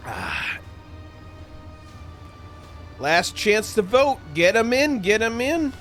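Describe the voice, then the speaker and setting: A male streamer talks in an unhurried drawl, excitable and quick to dissolve into laughter. He reads story text aloud with theatrical flair. Soft music plays faintly under his voice. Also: high-pitched. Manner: excitable, breaks into laughter, theatrical when reading. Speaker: live streamer. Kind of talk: casual live-stream chat and dramatic reading. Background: faint background music.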